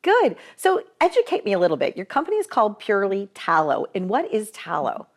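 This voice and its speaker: A woman's voice: medium pitch, wildly swooping pitch, brisk. A woman hosting a talk show, chatting casually with guests and laughing often. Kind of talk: casual interview chat.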